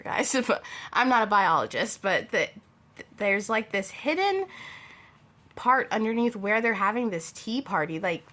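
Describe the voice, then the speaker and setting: A woman's voice: mid-range voice, fairly bright tone. A young woman giving a casual tarot reading to her viewers, chatty and rambling, often losing her thread and laughing. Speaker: tarot reader.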